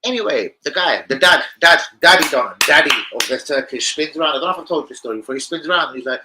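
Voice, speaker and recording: A man's voice: a little high, lively intonation, fast, noisy background. A young man, hosting a casual live-stream chat, rambling through stories full of slang and swearing. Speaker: football fan channel host.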